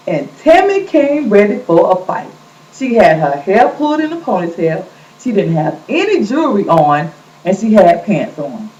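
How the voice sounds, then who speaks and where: A woman recaps a show in a lively, gossipy way, her voice swinging up and down as she acts out other people's lines. She sits back from the mic in an echoing room. The recording sounds dull and lo-fi. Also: medium pitch. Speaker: vlog host recapping a reality show. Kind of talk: casual chatty recap. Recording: echoey, distant, dull lo-fi sound.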